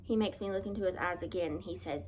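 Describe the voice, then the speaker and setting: A woman vlogger telling a personal story in an earnest, halting, confessional way, often restarting her sentences. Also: fairly low pitch, a little mellow, slight background noise.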